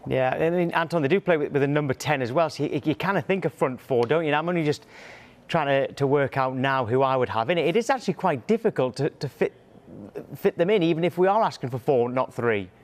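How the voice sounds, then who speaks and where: A man's voice: a little high, fast. A man presenting a sports panel, conversational and prompting the guests. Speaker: news presenter. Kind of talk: studio panel chat.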